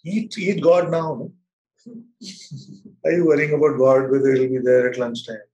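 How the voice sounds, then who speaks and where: A man leading a spiritual satsang over an online call, speaking gently and slowly with frequent laughter. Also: medium pitch, little pitch movement, poor audio. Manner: gentle, slow and playful, laughs often. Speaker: spiritual teacher. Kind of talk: satsang talk. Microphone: video call.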